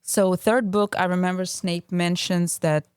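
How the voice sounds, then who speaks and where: Woman cohost, smooth clear voice a bit on the low side, analytical, dry close mic. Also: fairly even intonation, measured pace, darkish tone, dry recording. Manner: analytical, shares looked-up facts. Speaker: podcast co-host. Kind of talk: casual book discussion.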